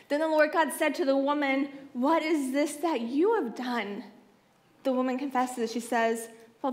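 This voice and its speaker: A young woman with a high, bright-sounding voice preaches from a conference stage. She reads scripture and retells it like a story, moving between lively, playful asides and soft, almost hushed moments. Her delivery is warm in pacing and personal. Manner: expressive storytelling, drops to soft hushed tones. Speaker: youth conference speaker. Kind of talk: sermon, Bible teaching.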